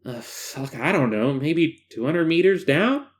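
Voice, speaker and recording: A man voicing a frightened, blunt male test subject who swears while describing what he hears in a dark stairwell, in a horror story reading. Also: a little high, expressive, a little slow. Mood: scared. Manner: blunt, profane and nervous.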